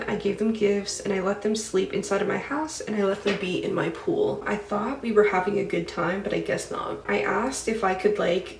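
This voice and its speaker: A woman's voice: mid-range voice, roomy sound, recorded from a distance, poor audio. A woman doing a casual get-ready-with-me chat while doing her makeup, talking freely and swearing as she reads out and retells dreams. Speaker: beauty vlogger.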